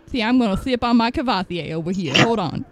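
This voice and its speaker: A woman's voice: mid-range voice, expressive, fast talker. Laid-back woman with bawdy jokes. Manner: bawdy joking, laid-back, chuckles between lines. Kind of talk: casual chat.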